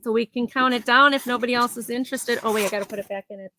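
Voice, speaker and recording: A woman's voice: on the high side, fairly even intonation, rapid-fire, pushed and bright, a little hiss or hum, rough recording. Chatty woman selling at a live sale. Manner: chatty, rambling, laughs easily. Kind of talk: casual live auction chat. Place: home, near her garage.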